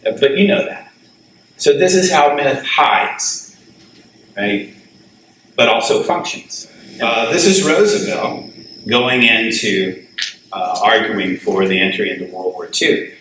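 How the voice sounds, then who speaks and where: A man's voice: mid-range voice, animated, unhurried, sharp tone, a little hiss or hum. Male lecturer, middle-aged, casual classroom delivery; distant, roomy recording. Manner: conversational, asks the class questions, laughs at his own asides. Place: lecture room.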